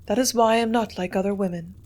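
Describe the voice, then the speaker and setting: A woman's voice: mid-range voice, fast talker, darkish tone, lightly acted. A woman reading as an aloof young society lady. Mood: dismissive. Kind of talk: audiobook character reading.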